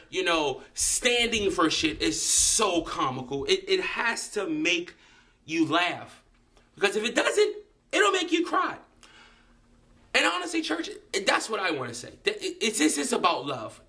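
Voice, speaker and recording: A man's voice: high-pitched, pushed and bright. A man delivering a profane, sarcastic comedic rant to camera, mocking people and sometimes putting on voices. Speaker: vlogger.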